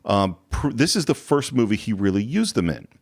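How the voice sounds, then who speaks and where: A man co-hosting a film podcast in casual talk, retelling scenes with animated energy. His voice sits low, and his pitch rises and falls widely as he walks through each moment. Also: normal speed. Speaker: podcast co-host.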